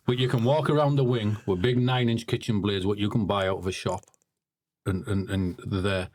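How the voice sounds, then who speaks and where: A man's voice: fairly low pitch, fairly even intonation, normal speed, darkish tone, no room sound. A blunt man telling stories as a podcast guest. He often repeats words as he starts a sentence. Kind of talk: casual storytelling.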